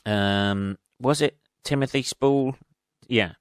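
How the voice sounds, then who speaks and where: A man's voice: medium pitch, slow, clear, resonant tone, dry recording, clean studio sound. A man hosting his own podcast as a comedian, rambling in a sweary, self-mocking way. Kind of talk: rambling casual monologue. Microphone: studio podcast mic.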